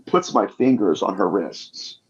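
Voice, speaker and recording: A man's voice: deep voice, expressive, unhurried, gravelly. A man guest on a podcast interview, telling his experiences with passion. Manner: passionate storytelling. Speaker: guest demonologist. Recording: dull lo-fi audio.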